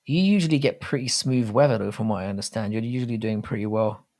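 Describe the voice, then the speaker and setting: A man's voice: on the low side, fast, a little mellow. Swearing, rambling English young man. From England. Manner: rambling, swearing, reading chat aloud. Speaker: livestream host. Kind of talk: casual live chat.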